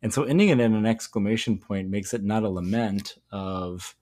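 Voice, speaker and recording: A man's voice: fairly low pitch, moderate pace, hardly any pauses, a little mellow. A man talking through a poem in a thoughtful, explanatory way, as a teacher giving a lesson. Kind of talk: poetry lesson talk.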